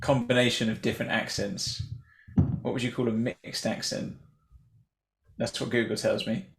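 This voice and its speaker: A man co-hosting a reaction show at a middle pitch. His talk is casual and chatty, and he chuckles often. His sentences loop back and restart as he gathers his thoughts. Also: flat delivery, normal speed, vocal fry.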